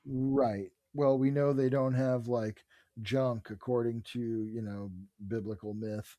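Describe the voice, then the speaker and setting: Slow and steady, this co-host has a warm, mid-range voice with no echo on the recording. He's relaxed and excited as he talks comics on the podcast, reading bits of dialogue aloud.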